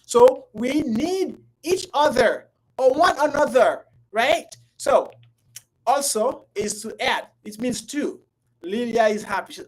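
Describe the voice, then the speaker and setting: A woman's voice: high voice, moderate pace, poor audio. Playful, coaxing woman teaching English. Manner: playful, coaxing, repeats herself often; lively, swings between loud and soft. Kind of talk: live online language class.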